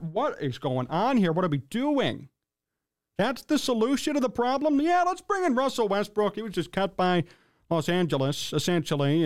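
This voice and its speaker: Fired-up sports talk host guy, high voice, sarcastic and exasperated rants.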